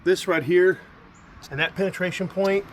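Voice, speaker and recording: A man with a slightly high-pitched voice does a casual walkthrough of a house. He lists repair after repair in a plain, matter-of-fact way. A faint hiss of background noise sits under the phone recording. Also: fairly even intonation, normal speed. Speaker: property manager doing a walkthrough. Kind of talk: casual spoken inspection notes. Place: outdoors around a house and yard, then indoors.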